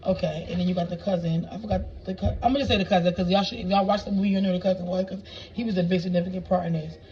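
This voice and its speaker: A woman's voice: fairly low pitch, steady tone, rapid-fire, mellow. Woman rambling a film recap, distant mic. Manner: rambling, many restarts, talks to viewers. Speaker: movie reviewer. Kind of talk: casual movie recap. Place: home with children nearby. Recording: distant, dull mic with faint background noise.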